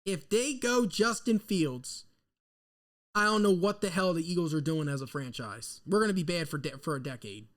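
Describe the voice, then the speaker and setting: A man, hosting a live draft reaction stream and rambling nervously as an excitable fan into a desk mic. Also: on the high side, normal speed. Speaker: sports fan host.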